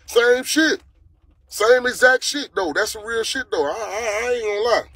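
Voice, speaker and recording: A man telling a story on a casual livestream, animated and profane, repeating his phrases. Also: extremely high pitch, moderate pace, gravelly, breathy edge, no echo.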